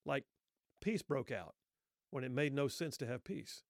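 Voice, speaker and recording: A man's voice: medium pitch, expressive, a little slow, creaky, dry recording, clean studio sound. A man telling a historical story in an earnest, reflective way, with rhetorical questions.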